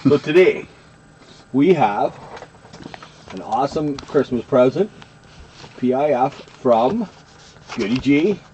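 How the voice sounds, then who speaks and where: A man's voice: mid-range voice, animated, takes it slowly, long pauses, mellow. A man co-hosting a casual chat, rambling and friendly with lots of fillers. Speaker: co-host of a card collecting channel. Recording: muffled lo-fi with faint hiss.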